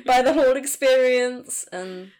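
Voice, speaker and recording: A woman's voice: high voice, unhurried, a little mellow. Giggly, chatty young woman. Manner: chatty, giggly, lots of fillers. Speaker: podcast co-host. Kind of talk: casual chat.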